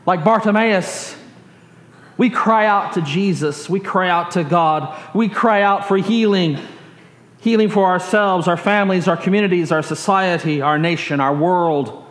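A man preaching a sermon, slow and emphatic, leading the congregation in call and response. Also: high voice, fairly bright tone. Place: church sanctuary. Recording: echoey hall with long reverb.

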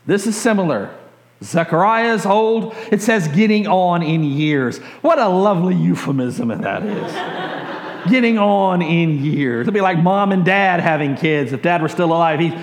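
A man's voice: sits high, expressive, normal speed, reverberant. A man preaching a sermon, telling stories animatedly and acting out quotes with chuckles. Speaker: pastor.

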